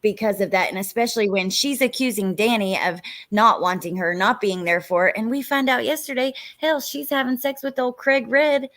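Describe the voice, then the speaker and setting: A woman's voice: a little high, normal speed, few pauses, a bit bright. A woman hosting a casual true crime chat, exasperated and rambling, with the odd swear word. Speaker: host.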